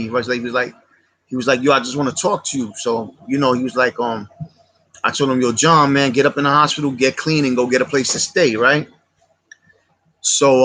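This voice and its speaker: A man's voice: medium pitch, bright, forceful tone. A man telling a personal street story on his channel, casual and heartfelt, heavy on slang and repetition. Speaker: channel host.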